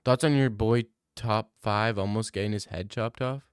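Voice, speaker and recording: A man's voice: on the low side, normal speed, clear, resonant tone, dry recording, studio quality. A young man streaming, chatting casually and joking about fights while thanking donors. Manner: rambling, joking, many restarts. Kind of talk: casual stream chat reading donations.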